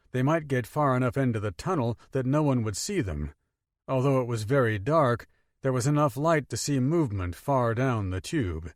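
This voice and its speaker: A man narrating an audiobook in steady, expressive storytelling. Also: mid-range voice, no room sound, clean studio sound. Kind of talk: scripted narration.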